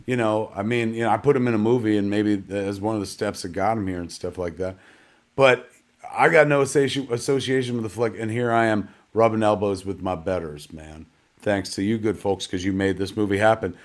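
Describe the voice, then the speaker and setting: A man's voice: fairly low pitch, fairly quick. Joking, rambling man hosting live. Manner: rambling, joking, self-mocking, salty language. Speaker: host of a live digital premiere. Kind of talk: casual live-stream hosting.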